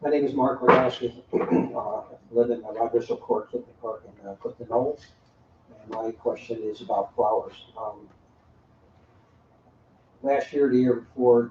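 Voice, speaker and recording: A man's voice: on the low side, dark tone, slight background noise. A man speaking as a resident at a town hearing, plain and hesitant, with many fillers. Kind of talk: public comment. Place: town hall meeting room. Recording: distant, roomy, dull meeting-room audio.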